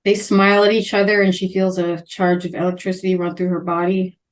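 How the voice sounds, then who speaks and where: A woman's voice: fairly low pitch, brisk. A young woman co-hosting a podcast, casually recapping a book and acting out the characters' lines. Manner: animated retelling, acts out characters' lines. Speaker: podcast co-host. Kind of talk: casual book-club chat.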